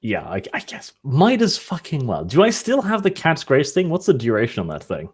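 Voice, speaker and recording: A man's voice: medium pitch, wildly swooping pitch, normal speed, a little mellow, husky. A man playing a tabletop game, joking and swearing casually. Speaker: player.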